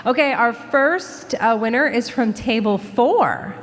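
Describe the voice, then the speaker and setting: A woman's voice: on the high side, lively intonation, measured pace, slight background noise. A woman emceeing a live awards event on a handheld microphone, upbeat, chatty and playful with the crowd. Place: large banquet hall before a live audience. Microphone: handheld stage microphone. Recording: long hall reverb through a PA.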